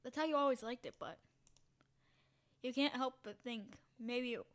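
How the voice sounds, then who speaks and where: A woman game streamer with a slightly bright voice on the high side reads a text game's story aloud at a moderate pace, delivering it dramatically, pausing for brief spoken asides and occasionally slipping into a whisper.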